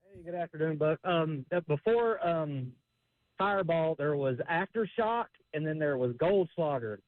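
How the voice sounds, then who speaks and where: Male call-in listener, slightly high voice, friendly, tinny phone line. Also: expressive, normal speed, dry recording. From Nashville area. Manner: friendly, reminiscing, laughs while talking. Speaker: caller.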